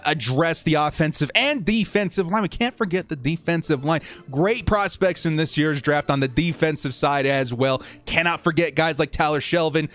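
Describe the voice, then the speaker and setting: A man's voice: fairly high pitch, a bit bright. A young man hosting a casual fan live stream, upbeat as he reads viewer comments and thanks supporters.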